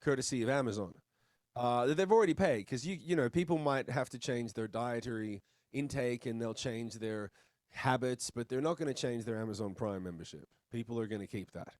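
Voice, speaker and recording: A man's voice: mid-range voice, fairly quick, no echo. Laid-back Australian man, dry sound. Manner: laid-back, blunt, chatty, swears casually. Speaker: musician guest. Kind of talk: casual video-call interview.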